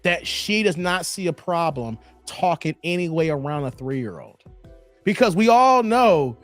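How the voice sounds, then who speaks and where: A man hosting a live commentary stream, animated, laughing often and talking to his chat by name. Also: fairly high pitch, measured pace, soft background music.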